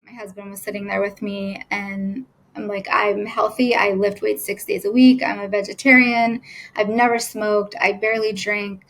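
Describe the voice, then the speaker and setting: Thirties woman, nurse turned patient, telling her story in a monotone, hesitant delivery, emotion close to the surface. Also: mid-range voice, a little hiss or hum, poor audio. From United States. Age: 30s. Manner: halting, with many fillers and restarts. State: emotional at times. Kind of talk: personal story told to camera.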